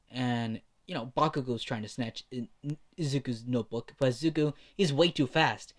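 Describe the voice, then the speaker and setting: A man's voice: medium pitch, moderate pace, few pauses. Rambling man telling a fan story. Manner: rambling, full of "you know" fillers and swearing. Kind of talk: casual fan story narration.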